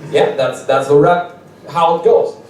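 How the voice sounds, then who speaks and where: A young stand-up comedian tells a rambling story at an open mic, often laughing and restarting his sentences. His voice is a little high, steady and somewhat dark, and he speaks a bit slowly. The mic is far from him in an echoey room with slight background noise.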